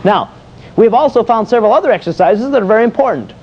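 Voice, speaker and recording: High-voiced man teaching, dull old recording. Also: animated, fast talker. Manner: folksy, jokey, asks and answers his own questions. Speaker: fitness instructor. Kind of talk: exercise demonstration lecture. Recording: dull lo-fi old video sound.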